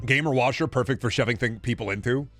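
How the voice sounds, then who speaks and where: A man's voice: mid-range voice, quick pace, a bit bright. A man streaming a game from his home setup, chatting casually and sardonically, swearing freely and muttering to himself. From Iowa. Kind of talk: casual gameplay streaming chat. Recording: faint music behind.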